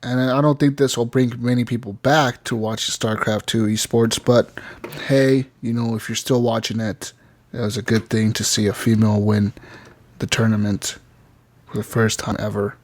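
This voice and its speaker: A man's voice: medium pitch, little pitch movement, normal speed. A man hosting a gaming podcast, chatting casually, rambling with frequent laughs and swearing. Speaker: podcast host.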